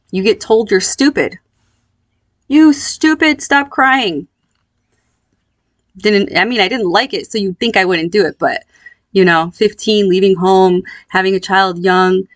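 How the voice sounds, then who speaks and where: A woman in her thirties speaks candidly about her past in a calm, unhurried voice. Her pitch sits in the middle for a woman. The recording is dry and close, with no room sound. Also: dry recording. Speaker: vlogger. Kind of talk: personal storytelling.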